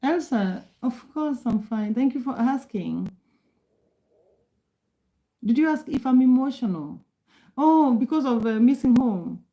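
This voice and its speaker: Woman, from Kenya, middle-aged, live-stream host, casual chat, mellow, slightly high voice. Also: low-quality recording. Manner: chatty, apologetic, laughs often, restarts sentences.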